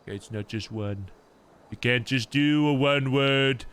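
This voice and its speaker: A man's voice: medium pitch, a little slow, fairly bright tone, smooth. A man streaming and chatting casually with his viewers, rambling with plenty of swearing and fillers.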